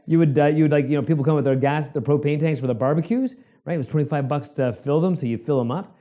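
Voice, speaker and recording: A man's voice: a little high, fast talker, dark tone. A man co-hosting a podcast, swearing freely as he tells rambling stories in casual chat. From Canada. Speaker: podcast co-host.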